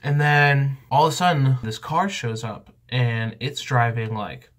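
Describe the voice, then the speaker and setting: Young male vlogger with a mid pitch who tells a comic story with lots of energy. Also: measured pace. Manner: animated, excitable, jumps in pitch. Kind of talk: comedic storytelling.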